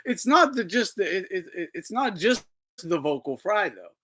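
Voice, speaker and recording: A man's voice: sits high, big pitch swings, moderate pace, fairly bright tone. A man hosting a casual boxing talk livestream, rambling and swearing as he reacts to clips. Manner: profane, rambling, incredulous. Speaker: boxing talk show host. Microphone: streaming microphone.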